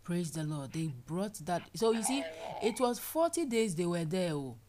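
A woman preaching a sermon, animated, acting out people's complaints in playful voices. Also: on the low side, normal speed, noisy background.

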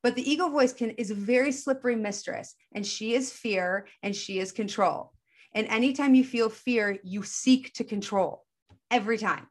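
A woman talking in an earnest, casual way about spiritual self-help, often acting out the voices inside her head with quick shifts in tone. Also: a little high.

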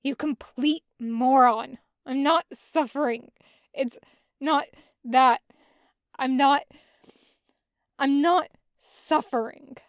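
A woman's voice: on the high side, level tone, very slow, vocal fry, no room sound, full character voice. Prickly proud young man, snapping, dry close sound, read by a woman. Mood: sharp. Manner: sharp and insistent.

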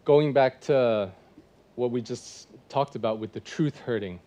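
Pastor in his 40s, mellow warm tone, chatty sermon delivery with questions to the congregation. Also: medium pitch, a little slow. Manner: conversational preaching with rhetorical questions. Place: church.

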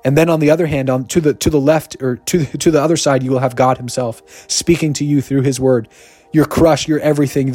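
A man giving an energetic, joking podcast sermon, rushing through asides and then slowing down to repeat key lines. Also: on the high side, no echo. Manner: energetic, joking, swings between rapid asides and slow emphatic repetition. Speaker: podcast preacher. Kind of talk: casual sermon.

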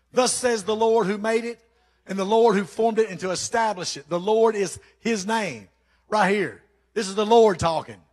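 A man preaching a sermon to his church, reading scripture with emphatic praise. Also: high voice.

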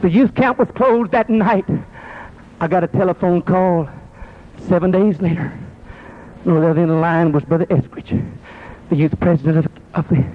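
A preacher man with a strikingly high voice delivers an impassioned sermon. He moves between hushed storytelling and ringing, tearful shouts. The recording sounds dull and muffled. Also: moderate pace.

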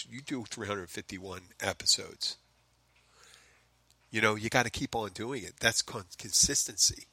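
Philly guy rambling on his comedy podcast, swearing a lot, bright voice, dry close sound. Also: fairly low pitch, creaky, no room sound. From Philadelphia. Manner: rambling, profane, self-mocking asides. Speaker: podcast host. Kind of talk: casual comedic monologue. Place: home in the Florida Keys.

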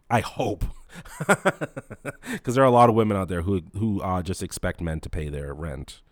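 A young man hosting a casual podcast, ranting comedically with profanity, swinging from loud exclamations to low mutters. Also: normal speed, no echo. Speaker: podcast host.

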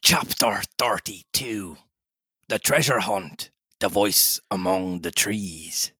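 A man co-hosting a casual podcast, reading a novel aloud in a measured storytelling way. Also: sits low, pushed and bright, husky, no echo, studio quality. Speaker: podcast co-host and reader.

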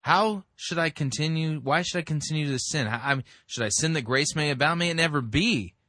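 A man commenting critically on a sermon, explaining scripture in a measured way. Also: fairly high pitch, bright, forceful tone, dry recording, clean studio sound. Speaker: sermon reviewer.

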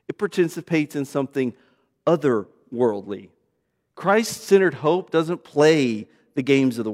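A man preaching a sermon as pastor, swinging from loud emphasis to hushed, low passages. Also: big-room sound.

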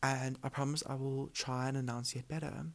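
A man's voice: medium pitch, flat delivery, moderate pace, gravelly. Chatty young man who mumbles. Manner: rambling, chatty, lots of filler words; mumbles words together. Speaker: podcast host. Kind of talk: casual solo podcast chat.

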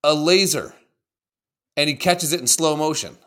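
A man co-hosting a casual livestream, reacting to videos in an animated, joking and profane way. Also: a little high, normal speed. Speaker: co-host.

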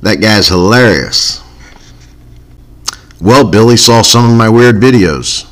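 A man's voice: on the low side, expressive, takes it slowly, a bit bright. A man hosting a comedy podcast, talking in a laid-back, dry way that often trails off. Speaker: podcast host. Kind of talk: casual comedy podcast chat.

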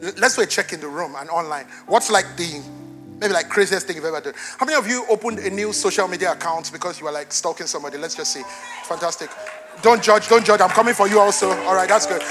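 A man preaching a sermon as pastor, chatty and playful with the congregation, then rising to loud, emphatic preaching. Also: high voice, fast, over music. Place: church.

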